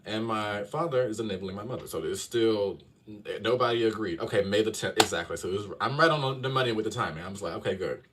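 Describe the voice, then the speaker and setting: Man, lower voice, storyteller who keeps checking in with his audience; distant mic, faint noise. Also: quick pace. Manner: animated, keeps checking in with viewers. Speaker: astrologer and tarot reader. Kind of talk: casual storytelling to viewers.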